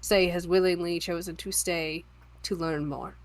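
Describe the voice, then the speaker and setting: A woman player in a live-streamed tabletop game, explaining things in an unhurried way. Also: on the low side, fairly even intonation, a little hiss or hum, low-quality recording.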